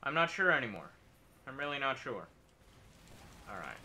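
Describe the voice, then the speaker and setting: A man's voice: medium pitch, big pitch swings, moderate pace, sharp tone. A young adult man streaming a game, rambling casually and silly, talking to himself and the enemies and making nonsense noises. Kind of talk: casual gameplay commentary.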